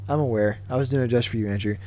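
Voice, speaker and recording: A man's voice: medium pitch, very fast, warm tone. A man hosting a casual faith discussion, explaining his view earnestly and answering his own rhetorical questions. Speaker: podcast host.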